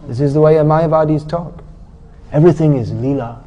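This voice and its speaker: A man's voice: fairly high pitch, moderate pace, warm tone, lo-fi sound. A man giving a sermon in a blunt, scolding and sarcastic manner, as a preacher giving a scripture class in a temple or lecture hall.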